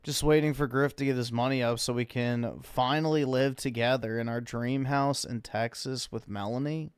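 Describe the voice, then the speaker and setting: A man chimes in on a casual stream chat with blunt, crude remarks. His voice is smooth and clear at a middle pitch. The sound is dry and close. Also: fairly even intonation, moderate pace, no echo.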